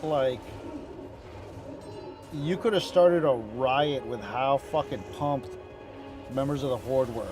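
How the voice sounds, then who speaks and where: A man chatting casually as he reacts to game cinematics, excitable, rambling and profane. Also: medium pitch, slow, pauses often, over music. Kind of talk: casual chat.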